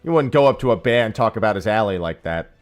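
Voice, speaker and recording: A man's voice: lowish voice, expressive, fast, soft background music. A man streaming an online game and chatting casually with viewers, sarcastic and swearing now and then. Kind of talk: casual chat while gaming.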